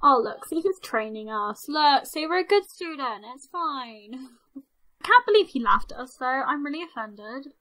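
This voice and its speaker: Excitable high-pitched young woman. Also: unhurried, rough recording. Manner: excitable, squealing and shouting at game events. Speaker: gaming channel host. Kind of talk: let's play commentary.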